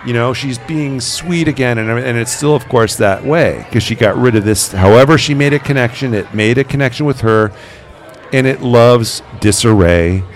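A man, a paranormal investigator, telling stories in a relaxed interview and acting out the quoted voices. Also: medium pitch, moderate pace, soft background music. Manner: animated, acts out quoted voices. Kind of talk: conversational interview storytelling.

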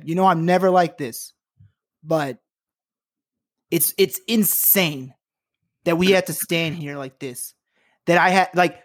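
A husky, breathy woman in a heated podcast rant. She swears freely and her voice pitches up as anger takes over. She apologizes between outbursts. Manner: angry, profane, emotional rant. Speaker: podcast co-host. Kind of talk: heated casual chat.

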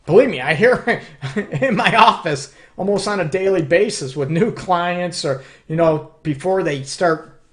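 A man's voice: high voice, a little slow. A man hosting a live relationship advice show as a counselor. He talks emphatically and keeps checking in with his listeners. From Detroit area. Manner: emphatic, keeps checking in with "okay?" and "you know what".

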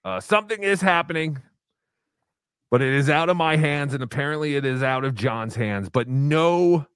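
A man hosts a casual livestream podcast, his voice rising and falling all over the place as he gets worked up. He swears freely and laughs through his own stories, a little higher than most men. The sound is dry and close. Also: moderate pace, clean tone, no echo. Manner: excitable, swears, laughs often. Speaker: podcast host.

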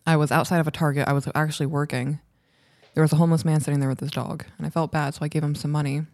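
A woman's voice: low voice, steady tone, rapid-fire, a little mellow, no echo, clean studio sound. A woman co-hosting a casual podcast, telling a personal story candidly and with some swearing. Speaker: podcast co-host.

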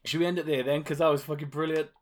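A man's voice: a little high, level tone, racing. A man co-hosting a comedy podcast, giggly and riffing, swearing freely. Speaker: podcast co-host. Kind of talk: casual comedic podcast banter.

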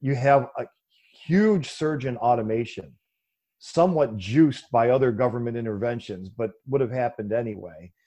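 A man with a mellow, darker tone, speaking at a middling pitch. He answers an interview question at length in a relaxed conversational way, with many ums and restarts, and turns animated when he mocks opposing views. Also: normal speed. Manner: animated, mocking quoted voices with a raised pitch, many fillers. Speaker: guest explaining economics.

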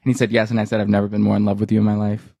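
A man's voice: lowish voice, monotone, rapid-fire, gravelly, mellow, breathy edge, dry recording. A young man co-hosting a casual chat podcast, gossiping and acting out quotes from the show. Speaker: podcast co-host.

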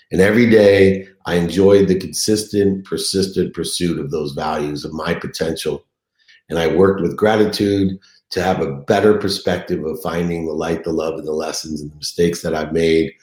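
A middle-aged man with a low, darkish voice gives a confessional motivational speech, telling his own story with earnest emotion. He talks at a normal speed, and the recording sounds like an echoey room.

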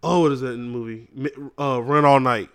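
A man in casual chat, joking and cutting in with quick comments. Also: medium pitch, fairly even intonation, a bit bright, clear, resonant tone.

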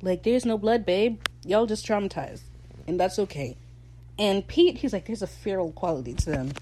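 Excitable, gushing woman recapping a show. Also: mid-range voice, normal speed, slight background noise, poor audio. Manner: excitable, swears freely, gushing fangirl asides. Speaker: podcast host recapping a TV episode. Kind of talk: casual recap monologue.

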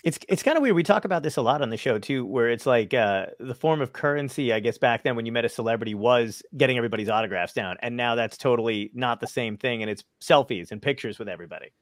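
A man's voice: medium pitch, expressive, fast, few pauses, no room sound, clean studio sound. A man hosting an interview, asking chatty questions and laughing along with his guest. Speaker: podcast host. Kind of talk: interview chat.

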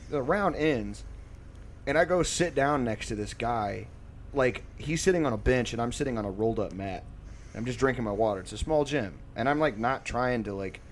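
A man's voice: medium pitch, slight background noise. A man telling a casual, rambling story full of filler words and profanity.

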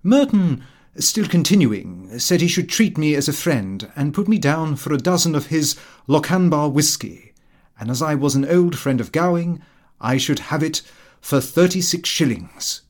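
Man reading with a lively, varied pitch. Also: moderate pace. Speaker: audiobook reader. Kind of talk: scripted narration of a comic diary.

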